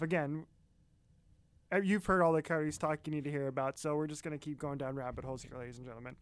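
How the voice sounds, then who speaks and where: A man's voice: on the high side, fairly even intonation, fast, clean tone, dry recording. A man co-hosting a casual podcast, chatting in a folksy way and speaking straight to his listeners. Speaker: podcast co-host. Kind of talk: casual chat.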